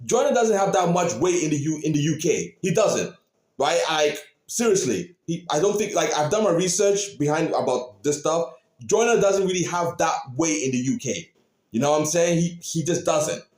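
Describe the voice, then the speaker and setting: A man talks through his reaction in an excited, casual way, his voice rising and falling a lot and sitting a bit high. He laughs often and keeps asking "you know what I mean". The sound is roomy, with a clear echo. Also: normal speed. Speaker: reaction video host.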